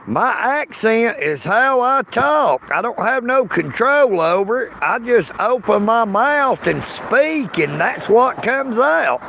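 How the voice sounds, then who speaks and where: A Southern US man chatting on a live stream from his car, his voice pitched high with a gravelly edge. He takes his time, drawling through greetings to viewers, while a faint hum of the road sits underneath. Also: very animated, slow, few pauses, fairly bright tone. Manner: greets chat viewers by name in an easygoing drawl. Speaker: livestreamer. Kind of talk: casual live stream chat. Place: inside a car.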